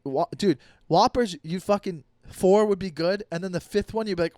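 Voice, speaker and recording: A young man hosting a comedy podcast, ranting profanely about dating apps and acting out quick quoted voices. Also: sits high, darkish tone, no echo, studio quality. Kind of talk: solo comedic podcast rant.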